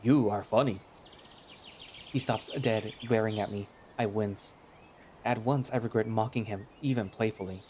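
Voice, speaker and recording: A man's voice: fairly low pitch, fairly even intonation, moderate pace, darkish tone, slight background noise. A man narrating a visual novel in the first person, in a casual, chatty way that turns hesitant in dialogue.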